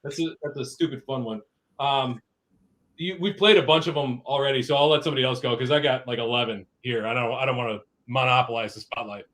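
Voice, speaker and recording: A man in a casual podcast chat, retelling things quickly and laughing along. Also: mid-range voice, a bit bright.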